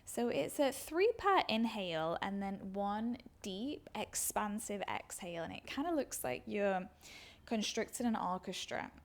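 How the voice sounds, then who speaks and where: A woman's voice: medium pitch, very animated, a little slow. A woman teaching a guided yoga class, coaching movement and breath in a soothing way, with audible sighs as she breathes out.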